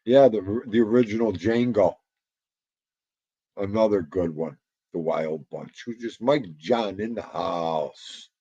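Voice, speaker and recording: A man hosting a casual livestream, chatting to viewers and reading their comments in a rambling, animated way, with sudden loud exclamations. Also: on the low side, breathy edge, dry recording, highs cut off.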